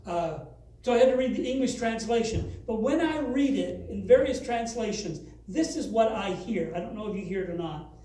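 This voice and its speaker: Pastor, man, high mellow voice, earnest sermon delivery, distant mic in a very echoey church hall. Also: animated, moderate pace. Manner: earnest preaching, reading scripture aloud with rising emphasis.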